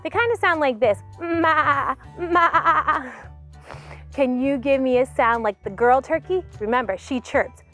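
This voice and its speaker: A woman hosting a farm tour for children, talking in an animated way straight to young viewers, outdoors on a farm. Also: sits high, normal speed, hardly any pauses, soft background music. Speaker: host showing a farm to children. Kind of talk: children's educational talk.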